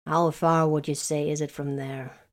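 This is a composed, formal navigator man with mechanical jaws, as a woman reader puts him on. He talks in a low, even voice that sounds changed from the narration. He is unhurried and deferential. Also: close to an everyday voice. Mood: calm.

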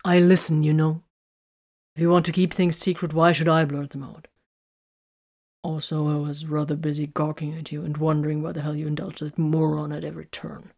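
Woman putting on a young male soldier, sarcastic, mumbling, deep for a woman, storybook voice. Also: monotone, brisk, gravelly, darkish tone.

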